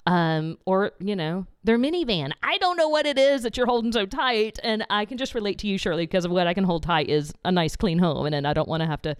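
A woman's voice: medium pitch, lively intonation, a little fast, hardly any pauses, clear, resonant tone, no echo, studio quality. A woman hosting a faith talk show. She chats along and answers her guest with short affirming words. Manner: chatty, affirming interjections. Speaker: host.

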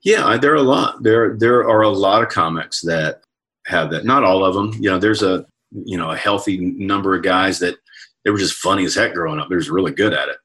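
A man's voice: low voice, a little fast, fairly bright tone, breathy edge. A man who is a comedian and author, telling candid, reflective stories in a casual interview over a video call. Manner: chatty, reflective anecdotes with self-quoting.

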